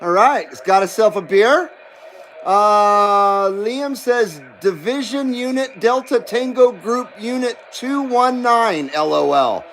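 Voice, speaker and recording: A man's voice: high voice, expressive, slow, fairly bright tone, poor audio. A man hosting a CB radio livestream, reading chat messages aloud in a rambling, self-deprecating way and laughing often. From western United States.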